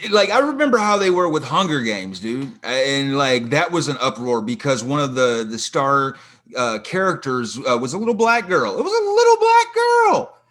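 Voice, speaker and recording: A man's voice: mid-range voice, sing-song, moderate pace, pushed and bright. A man co-hosting a podcast in casual chat, ranting emphatically and swearing a lot. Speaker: podcast co-host.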